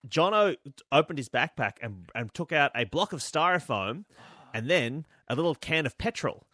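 Animated man telling a story. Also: on the high side, normal speed, no echo, clean studio sound. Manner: animated, acts out voices in his stories. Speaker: co-host. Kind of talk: comic storytelling chat.

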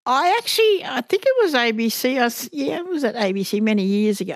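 A woman's voice: fairly high pitch, fast talker, no echo, clean studio sound. An older Australian woman, a musician, telling a story in an interview and acting out the voices in it. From northern Queensland, Australia. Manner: animated, acts out voices in her anecdotes. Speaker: musician guest.

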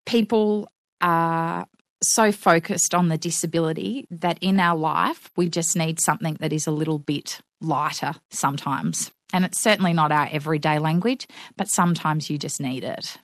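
A middle-aged woman speaks in a slightly low voice, recorded close and dry. She tells stories with frank, wry humour, slipping into other people's voices as she quotes them. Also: normal speed, no room sound. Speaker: interview guest. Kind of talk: conversational interview.

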